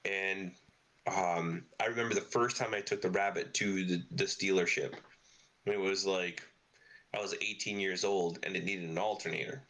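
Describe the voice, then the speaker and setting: A middle-aged man with a lowish voice talks as a podcast guest. His stories ramble along with plenty of "you know" and "like," peppered with curse words. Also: fairly even intonation, normal speed, fairly bright tone. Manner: swears freely, rambling anecdotes with lots of fillers. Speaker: podcast guest, car parts business owner. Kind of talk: casual storytelling interview.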